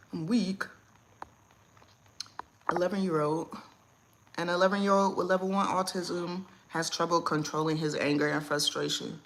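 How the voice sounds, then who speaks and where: Blunt, animated woman livestream host. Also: on the low side, a little slow, long pauses, slight background noise. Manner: blunt, animated, laughs often. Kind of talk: casual livestream chat.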